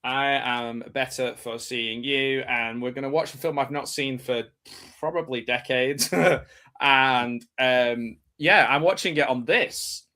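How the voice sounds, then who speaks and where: A man's voice: medium pitch, a little slow, bright, forceful tone. A man hosting a live watch-party stream, chatting casually and laughing often. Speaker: stream host.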